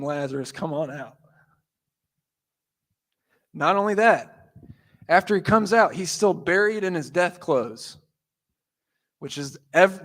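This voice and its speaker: A man pastor giving a sermon, telling the story with animated voices and asides. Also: on the high side. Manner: animated storytelling, acting out quotes.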